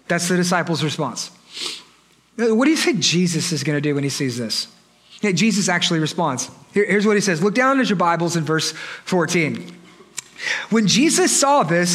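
A man's voice: high voice, expressive, moderate pace, a bit bright. A male pastor preaching a sermon in a playful, emphatic way, often repeating himself.

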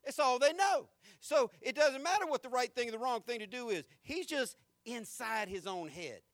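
Emphatic high-voiced preacher. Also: male voice, expressive, moderate pace, no echo. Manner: folksy, emphatic, shouts at peaks. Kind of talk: sermon.

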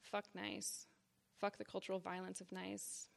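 Gravelly-voiced woman reading her memoir. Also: fairly low pitch, sing-song. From Boston area, United States. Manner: deliberate, measured reading in short phrases with blunt frankness. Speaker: writer reading her own work. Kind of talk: live literary reading of personal memoir. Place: reading series event before an audience.

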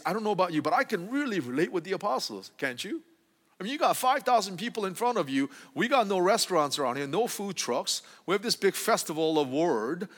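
A man's voice: high-pitched, fairly bright tone. A man preaching a conversational sermon to a congregation in a church, often checking in with "right?" as he explains. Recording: long hall reverb.

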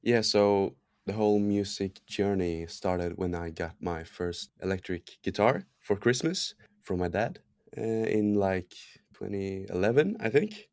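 Norwegian male musician guest, relaxed, a bit low-pitched, dry close sound. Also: a little slow, dry recording. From Norway. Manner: relaxed, laughs easily. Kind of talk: casual interview.

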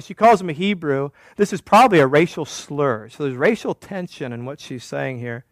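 A man preaches a sermon in a church, with a voice set a bit high for a man. He keeps it conversational and wry, teasing the congregation as he goes. The sound is close and dry. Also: expressive, moderate pace, few pauses, dry recording. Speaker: pastor.

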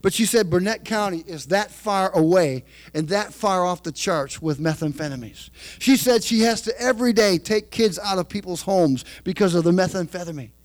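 A man preaching a sermon, moving from chatty storytelling to loud, shouted preaching. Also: high voice, normal speed.

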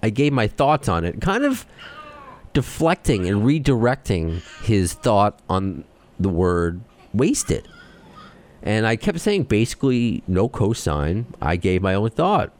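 A man with a New York accent hosting a podcast, talking fast and excitably as he rants. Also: lowish voice. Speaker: podcast host. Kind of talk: casual chat.

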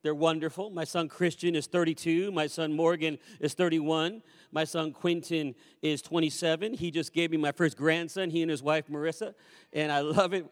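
A pastor in his fifties preaching a sermon, animated, moving between loud calls and quiet asides. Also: on the high side, moderate pace. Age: 50s. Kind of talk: sermon with storytelling. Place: church sanctuary. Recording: long reverb of a church hall.

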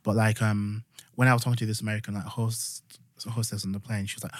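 A young Yorkshire man chats on a podcast, his voice sitting low and recorded dry and close. He rambles through stories with lots of "like" and false starts, getting animated as he retells them. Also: fast talker, dry recording. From Yorkshire, England. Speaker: podcast co-host. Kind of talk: casual chat.

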